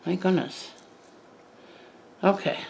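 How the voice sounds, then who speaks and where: A woman's voice: on the low side, slow, vocal fry, a little mellow, low-quality recording. An older woman chatting casually to the camera as a plant vlogger, rambling with lots of asides and self-corrections.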